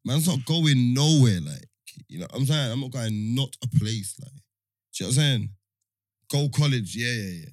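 A man's voice: medium pitch, expressive, normal speed, no room sound. Young guy, slangy storyteller doing everyone's lines, dry close sound. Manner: slangy storyteller acting out dialogue. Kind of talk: casual podcast chat.

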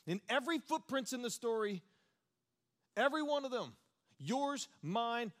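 A man preaching a sermon with passion, telling a story and building up to shouts. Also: very high voice, expressive, normal speed.

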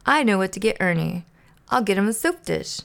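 Woman voicing a fussy, proper puppet roommate, earnest and formal, a little gravelly, storybook read-aloud. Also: medium pitch, expressive, fairly quick. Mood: fretful.

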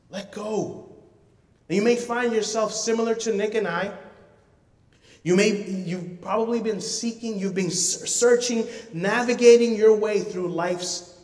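A man's voice: high voice, darkish tone. A man in his thirties preaching a sermon as a pastor, earnest and conversational, repeating words for emphasis. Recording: echoey hall, voice from far off.

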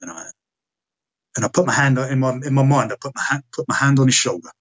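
Husky British man telling a frank story. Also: medium pitch, animated, fairly bright tone, muffled recording. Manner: halting, restarts, frank and profane. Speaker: guest, military veteran. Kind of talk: personal storytelling in conversation.

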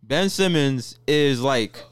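A man's voice: mid-range voice, expressive, slow pace, smooth, no room sound. A man co-hosting a podcast, chatting casually about basketball and often restarting his sentences. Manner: talks over others, restarts often. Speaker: podcast co-host. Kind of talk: casual sports chat.

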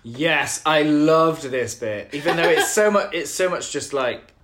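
A man co-hosting a casual podcast chat, playful and gossipy and quick to giggle. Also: on the high side, animated, a bit bright. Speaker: podcast co-host.

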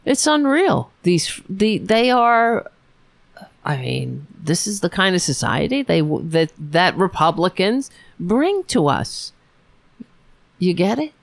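A woman's voice: on the low side, sing-song, slow pace, gravelly, dry recording. A woman hosting a political podcast, ranting alone in an angry, sarcastic, profane way with many restarts. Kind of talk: ranting solo commentary.

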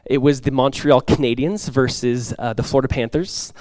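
A young man from Southern California preaching a sermon, telling stories in an animated, conversational way with many fillers. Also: medium pitch, normal speed, no echo. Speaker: pastor. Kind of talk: sermon with prayer and storytelling.

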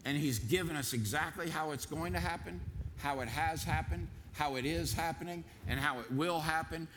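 A man's voice: a little high, normal speed, background noise. A man preaching a sermon as pastor in a church, telling folksy stories and repeating phrases for emphasis. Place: church sanctuary.

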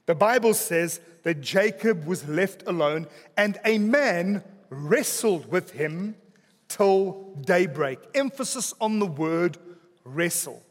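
Pastor guy preaching, highish voice, drops quiet for emphasis, big church reverb. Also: lively intonation. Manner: preaching with dramatic pauses, drops soft on key words; joking asides to the congregation. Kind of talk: sermon. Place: church hall. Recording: long reverb of a church hall.

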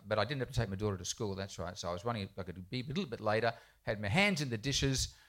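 A man's voice: fairly low pitch, lively intonation, fast talker, a bit bright. Chatty man telling a story. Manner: chatty, self-deprecating, with frequent restarts. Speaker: children's poet speaking at a festival panel. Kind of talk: storytelling anecdote to a live audience. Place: bookshop event space, indoors.

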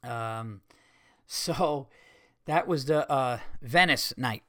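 A man's voice: mid-range voice, very slow, sharp tone, dry recording, studio quality. A man hosting a podcast, telling a story casually and animatedly, swearing, acting out what people said and making sound effects. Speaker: podcast host and comedian.

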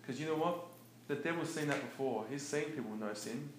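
A man giving a casual, animated teaching talk about faith, conversational and laughing often. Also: mid-range voice, a little fast. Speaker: preacher. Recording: echoey room with faint noise.

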